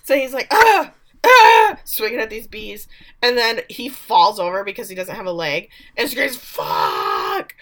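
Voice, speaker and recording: A woman's voice: mid-range voice, fairly even intonation, moderate pace, fairly bright tone. A woman casually recapping a TV episode, acting out characters with big vocal swings. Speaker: podcast co-host.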